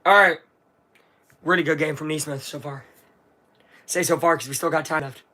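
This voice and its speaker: A live streamer calling a basketball game as an excitable fan, swinging from low muttering to shouting and swearing. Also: normal speed. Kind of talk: live fan watch-along commentary.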